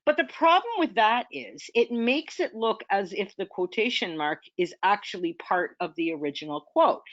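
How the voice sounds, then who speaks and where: A woman's voice: mid-range voice, dry recording, dull audio. Woman lecturing, casual and chatty. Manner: conversational, checks in with "okay?" and "right?". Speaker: seminar lecturer. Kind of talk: academic lecture.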